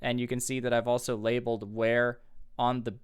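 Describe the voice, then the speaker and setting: A man's voice: mid-range voice, level tone, fairly quick, clear, resonant tone. A man teaching a guitar riff step by step, patiently explaining and counting along. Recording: guitar music over the voice. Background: guitar playing.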